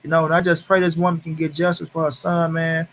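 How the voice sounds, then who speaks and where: A man's voice: on the high side, flat delivery, fast, fairly bright tone, a little hiss or hum. Heated, profane man venting on a livestream. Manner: heated, profane, repeats phrases for emphasis; greets viewers in chat by name. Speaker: livestream host. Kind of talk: angry casual livestream commentary.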